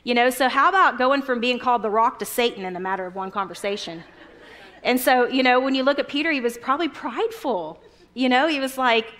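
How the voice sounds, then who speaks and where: Woman preacher, conversational sermon, fairly high voice, animated storytelling with quoted voices. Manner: chatty, retells Bible stories with quoted voices.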